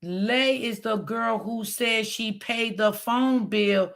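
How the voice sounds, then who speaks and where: A woman's voice: on the high side, slow, gravelly, hardly any pauses. A woman commentating on a live stream, blunt and profane, speaking straight to her viewers. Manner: blunt, profane, emphatic, talks straight to the audience. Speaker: online commentator.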